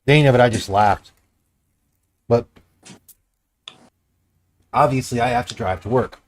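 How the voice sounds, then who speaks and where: A man from Michigan, co-hosting a casual voice-chat podcast and telling stories in an animated, profane way. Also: mid-range voice, a little slow. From Michigan, United States. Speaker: podcast co-host.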